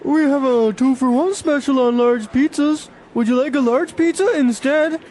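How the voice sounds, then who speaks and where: A woman's voice: sits high, moderate pace, mellow, close to an everyday voice. A woman reading the part of a polite pizza shop clerk taking a phone order in a scripted dialogue. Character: polite young male pizza clerk Marty.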